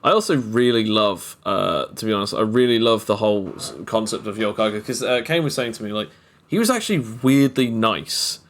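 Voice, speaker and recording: A man's voice: lowish voice, lively intonation, a little fast. A man hosting a podcast as game master, chatting casually in long, rambling explanations. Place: live-streamed podcast.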